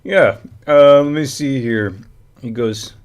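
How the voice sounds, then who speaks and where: A man's voice: medium pitch, takes it slowly, darkish tone, clean tone. Rambling man who laughs a lot. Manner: rambling, laughs often, reads chat. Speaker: livestream co-host. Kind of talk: casual livestream commentary.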